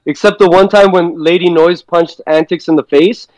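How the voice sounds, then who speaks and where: A man's voice: high-pitched, steady tone, normal speed, darkish tone, lo-fi sound. A man guesting on a podcast, telling stories in a laid-back, slangy way and swearing freely. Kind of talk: casual storytelling chat.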